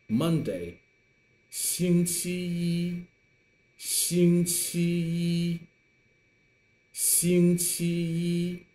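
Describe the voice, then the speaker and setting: A man teaching Mandarin online, slowly repeating words to model the tones. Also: medium pitch, dark tone. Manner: slow, deliberate modelling of tones with repetitions. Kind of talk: online language lesson.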